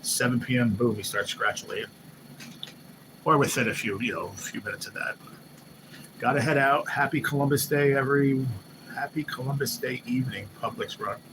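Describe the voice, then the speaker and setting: A man hosting a live stream, chatting casually and excitably, swearing loosely and often mimicking what others said. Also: mid-range voice, moderate pace. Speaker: livestream host. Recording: noisy background hum.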